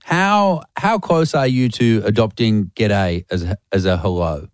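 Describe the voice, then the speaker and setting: A man's voice: on the low side, unhurried, clear, resonant tone, dry recording. Man, radio host, dry close studio sound, playful teasing delivery. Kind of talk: casual radio chat.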